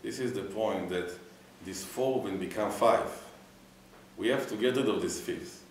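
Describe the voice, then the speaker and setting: A man's voice: fairly low pitch, a little slow, a little hiss or hum. A man, a rabbi, giving a Torah class and quizzing his students, mixing in Hebrew phrases. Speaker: rabbi teaching a weekly class. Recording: echoey room, mic far off.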